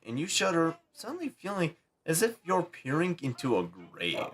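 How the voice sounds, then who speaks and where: Animated man reading game text. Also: fairly high pitch, moderate pace, a little hiss or hum. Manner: animated, laughing asides. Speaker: streamer.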